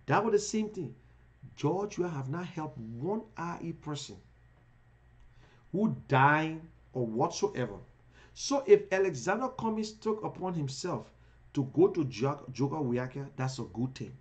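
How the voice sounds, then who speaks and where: A man's voice: fairly high pitch, sing-song, a little slow, a little mellow. A man with a Liberian English accent giving heated live-streamed political commentary, full of rhetorical questions.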